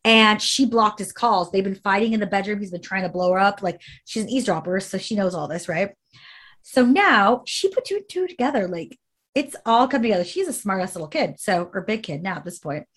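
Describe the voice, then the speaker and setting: A woman's voice: medium pitch, a little fast. A woman co-hosting a podcast, telling a story casually, acting out quoted speech and swearing freely. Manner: animated, acts out quoted speech. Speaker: podcast co-host.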